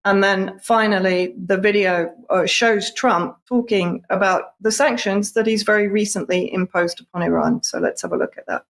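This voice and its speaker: A woman giving steady, analytical news commentary. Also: mid-range voice, normal speed, few pauses.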